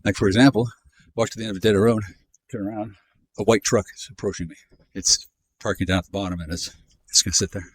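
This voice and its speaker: Deep-voiced profane rambling man. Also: steady tone, quick pace, pauses often, no echo. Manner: profane, jumpy, sardonic, pitch jumps up and down. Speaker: vlogger. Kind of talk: rambling monologue while walking. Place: outdoors in a neighborhood.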